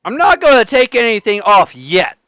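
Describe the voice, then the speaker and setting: A man's voice: sits high, very animated, normal speed, bright, forceful tone, no room sound. A man co-hosting a podcast in casual chat, teasing his friends, swearing freely and laughing often. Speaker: podcast co-host.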